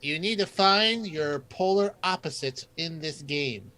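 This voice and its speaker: A man's voice: a little high, expressive, measured pace, bright, forceful tone. A man performing improv comedy, snarky and dry.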